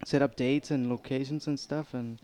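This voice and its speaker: A man's voice: medium pitch, fairly even intonation, normal speed, warm tone. A man being interviewed as a photographer, talking in hesitant, filler-heavy stretches. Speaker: guest photographer. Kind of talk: casual interview chat.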